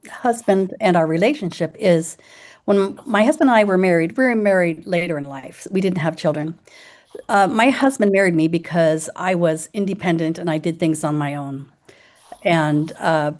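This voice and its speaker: A woman on a panel talking in a candid, personal and somewhat halting way. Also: fairly low pitch, a little mellow. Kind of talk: panel discussion.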